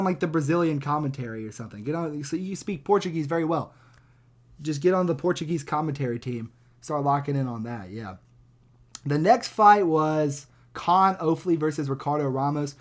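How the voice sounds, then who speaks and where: A young man gives casual reaction commentary, riffing bluntly and loosely with lots of swearing. His voice is somewhat higher than the typical male voice, and he rambles and laughs between points as the host of a reaction video.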